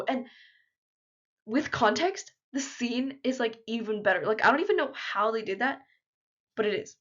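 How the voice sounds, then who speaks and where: A young woman talking casually to camera in an unedited vlog, chatty and full of fillers, gushing like an excited fan. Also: a little high, normal speed. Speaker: vlogger. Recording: slightly dull lo-fi audio.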